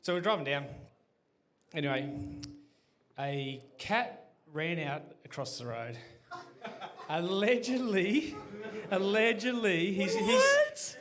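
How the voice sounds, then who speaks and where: A man spins a rambling, sweary yarn for a live crowd, his pitch leaping all over the place. He keeps falling back on "anyway" and laughs through his own story in a bright, sharp voice. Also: wildly swooping pitch, slow pace. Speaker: guest telling a story on stage. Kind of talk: crowd-facing comic yarn.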